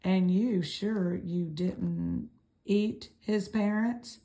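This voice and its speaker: A woman voicing an old gray female goose in a storybook read-aloud, speaking in a brisk, scolding, matter-of-fact way. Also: medium pitch, creaky, warm tone.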